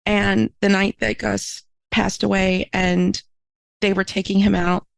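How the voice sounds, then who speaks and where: A woman guest on an interview podcast recounts a personal story with earnest feeling, her voice lifting high when she is moved. Her tone carries a gravelly fry. The sound is close and dry with no room around it. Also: little pitch movement, measured pace, no room sound, low-quality recording. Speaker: minister and writer, podcast guest.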